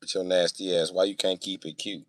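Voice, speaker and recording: Young male streamer, brash and crude, lowish voice with a bright, punchy edge. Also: level tone, fairly quick, dry recording, clean studio sound. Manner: profane, boastful storytelling; swings between loud outbursts and low mutters. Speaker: livestreamer reading chat. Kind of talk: casual live-stream chat.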